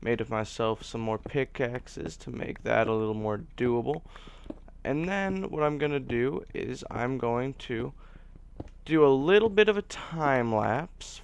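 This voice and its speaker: A let's play host chats casually over his own gameplay, rambling a bit and making fun of himself while hiccuping. His voice sits in the mid-range, creaky yet smooth.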